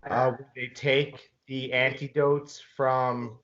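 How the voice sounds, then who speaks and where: A man's voice: medium pitch, flat delivery, takes it slowly, a bit bright. A man with a mid-range voice asks an interview question hesitantly, stumbling over his words. The recording is dull and muffled. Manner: hesitant, stammering. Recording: muffled lo-fi audio.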